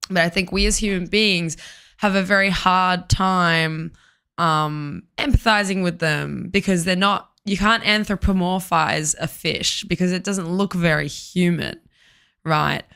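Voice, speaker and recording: A woman musician chatting casually on a livestream, her voice hoarse from talking too much, rambling with fillers. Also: fairly low pitch, measured pace, bright, forceful tone. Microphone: desk microphone, turned down for clipping.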